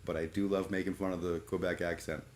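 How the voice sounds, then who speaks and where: A man's voice: deep voice, flat delivery, fast, darkish tone, a little hiss or hum. A man chatting casually on a live stream, rambling and irreverent, full of fillers and restarts. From Canada. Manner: irreverent, joking.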